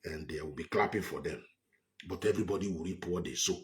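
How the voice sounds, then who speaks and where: Brief: low-voiced Nigerian-accented man, scornful and emphatic political commentary. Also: fast. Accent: Nigerian English. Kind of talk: heated political monologue.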